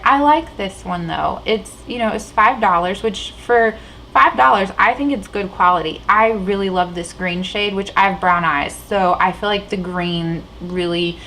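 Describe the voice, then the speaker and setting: A woman's voice: medium pitch, fairly bright tone, a little hiss or hum, rough recording. A woman vlogging about beauty products in a rambling, chatty way, full of fillers and restarts, while sitting at a table indoors. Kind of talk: casual chat.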